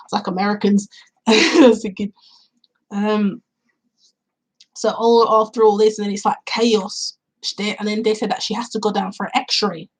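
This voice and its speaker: Husky-voiced woman rambling through a film plot. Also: medium pitch, little pitch movement, a little slow, low-quality recording. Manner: rambling plot retelling with fillers, quoting characters and her own reactions. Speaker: film reviewer. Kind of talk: casual spoken film review.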